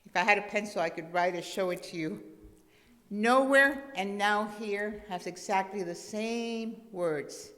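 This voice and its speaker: A woman guest minister giving a sermon, gentle and repeating her key points. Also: medium pitch, unhurried. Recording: long reverb in a church hall.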